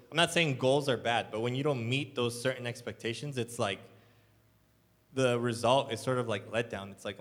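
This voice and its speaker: Here a church elder, a young adult man, delivers his sermon as easygoing storytelling, leaning heavily on "like" and filler words. He speaks at a medium pitch with a fairly bright tone, and the church hall gives the sound a long reverb.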